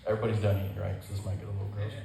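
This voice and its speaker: A man's voice: fairly low pitch, completely flat delivery, racing, gravelly, noisy background. A young man doing a stand-up set at a live benefit show, telling a crude, profane story. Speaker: stand-up comedian. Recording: echoey room, distant mic, audible ambience.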